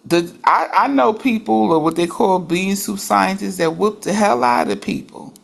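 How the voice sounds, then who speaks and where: A woman's voice: mid-range voice, moderate pace, creaky. A woman in a religious study group, reflecting aloud in a casual discussion, with frequent restarts as she works through her ideas.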